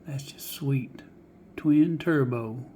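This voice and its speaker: With a mellow, medium-pitched voice and a slow pace, a die-cast car collector shows off his finds in a casual vlog, slight background noise behind him. He is folksy, muses aloud, and often drops to a whisper.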